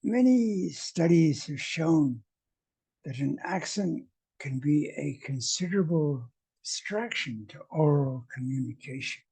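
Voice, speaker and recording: A man teaching English to French speakers in a video lesson, speaking in a wry, deliberate way. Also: a little high, animated, warm tone, husky.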